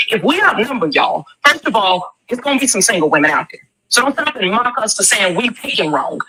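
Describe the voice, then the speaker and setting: A woman's voice: a little high, poor audio. A woman, talking with emphatic, preachy force and rhetorical questions. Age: 40s. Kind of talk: impassioned commentary.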